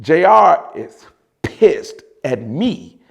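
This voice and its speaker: A Chicago man tells an old story in a relaxed, animated way. His voice sits a little high for a man and has a gravelly grain, and he talks loose and casual, full of slang and restarts. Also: very slow. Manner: animated, mimics voices of others in quotes, frequent laughs and slang.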